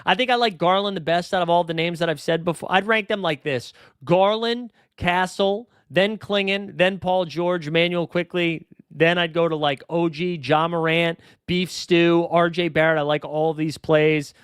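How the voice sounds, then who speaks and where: A man's voice: fairly high pitch, fairly even intonation, normal speed, clear, resonant tone, no echo, clean studio sound. A man hosting a fantasy basketball livestream, chatting casually and rattling off player names and numbers. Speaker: fantasy basketball show host.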